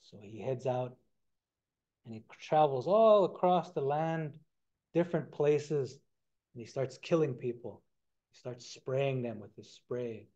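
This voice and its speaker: A man retelling a traditional story in a relaxed, conversational way during a talk, on a dull lo-fi recording. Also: medium pitch. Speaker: storyteller and science lecturer.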